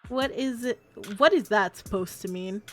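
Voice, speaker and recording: A woman's voice: medium pitch, lively intonation, normal speed, faint music behind, close to an everyday voice. A woman reading the lines of a cold, stern young man in a visual novel, in a curt, biting manner.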